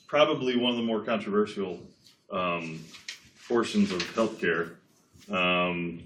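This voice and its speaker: A man's voice: lowish voice, a bit bright, slight background noise. A man giving a casual classroom lecture, chatty and digressive, often checking in with his students. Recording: echoey classroom.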